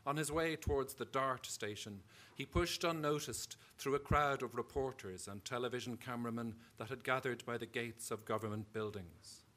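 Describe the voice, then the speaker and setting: A man with an Irish accent, an author reading his own fiction aloud at a live event in a measured storytelling way. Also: mid-range voice, fairly bright tone.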